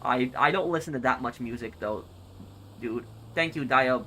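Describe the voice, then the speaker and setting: Male game streamer reading chat aloud, bright voice, rambling and friendly, often restarts. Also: medium pitch, normal speed, slight background noise. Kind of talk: casual livestream chat reading comments.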